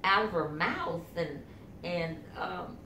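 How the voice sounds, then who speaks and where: Halting middle-aged woman telling family stories. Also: fairly low pitch, pushed and bright, roomy sound, a little hiss or hum. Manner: halting, full of fillers, acts out quotes. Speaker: family member telling memories. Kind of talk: casual family storytelling.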